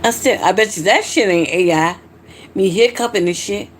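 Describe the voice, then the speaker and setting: A woman's voice: medium pitch, normal speed, a little hiss or hum. A woman hosting a casual late-night livestream, tipsy and hiccuping, chatting loosely with viewers and swearing freely. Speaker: livestream host.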